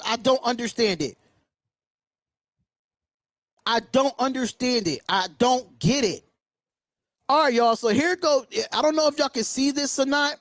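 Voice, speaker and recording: High-voiced man ranting on sports talk. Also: fairly bright tone, no room sound, clean studio sound. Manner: indignant, emphatic, repeats himself. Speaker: sports call-in show host. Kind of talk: sports talk livestream rant.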